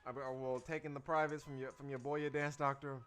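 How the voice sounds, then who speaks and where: Guy chatting on his stream, slangy and loose, keeps repeating himself, soft music behind. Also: medium pitch, level tone, quick pace. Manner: loose, slangy, repeats phrases, addresses viewers. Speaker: livestream host and dance teacher. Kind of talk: casual livestream chat.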